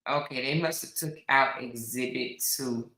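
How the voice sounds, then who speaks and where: A woman's voice: rumbling low, measured pace, pushed and bright, roomy sound, poor audio. A woman hosting a casual live stream, chatting with viewers in an exclamatory way. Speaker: commentary host reviewing court recordings.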